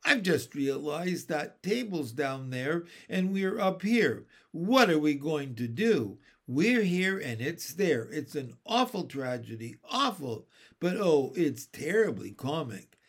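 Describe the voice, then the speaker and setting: A man voicing a jolly elderly uncle, hearty and booming, talking through fits of laughter. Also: very animated, takes it slowly, slightly rough, full character voice. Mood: jovial.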